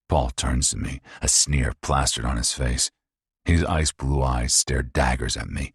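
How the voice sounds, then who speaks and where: Very deep, husky male audiobook narrator. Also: steady tone, unhurried, no room sound, clean studio sound. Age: middle-aged. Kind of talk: first-person audiobook narration.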